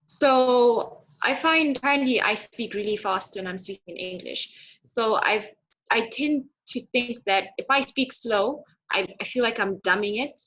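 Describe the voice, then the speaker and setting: A woman's voice: fairly high pitch, measured pace, fairly bright tone. Hesitant woman asking questions on a call. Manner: hesitant, many "like" fillers. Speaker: participant. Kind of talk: questions in an online training. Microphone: video call. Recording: lo-fi online call audio.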